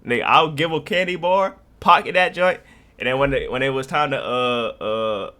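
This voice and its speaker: This young man from North Carolina is a reaction streamer who rambles through casual, slangy commentary, laughing as he tells stories. His voice sits at medium pitch, moves at normal speed, and sounds pushed and bright.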